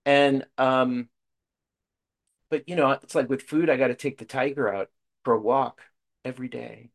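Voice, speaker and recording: At a recovery support meeting, a middle-aged man shares frankly and conversationally, with lots of fillers and asides. His medium-pitched voice has vocal fry, fairly even intonation, and a normal speed.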